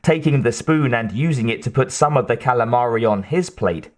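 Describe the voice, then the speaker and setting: A man narrating an audiobook in a measured, steady way. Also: medium pitch. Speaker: audiobook reader.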